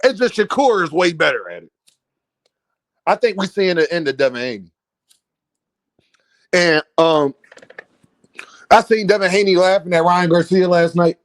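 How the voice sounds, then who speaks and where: A young man giving a casual, trash-talking opinion rant on boxing, animated and repeating himself, laughing often. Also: high-pitched, normal speed, pauses often, dry recording. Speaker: boxing commentator.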